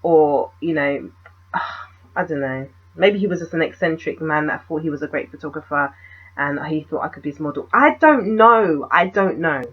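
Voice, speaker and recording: A woman telling a personal story in a vlog, animated and full of rhetorical questions. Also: sits low, moderate pace, breathy edge, lo-fi sound. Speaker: vlogger.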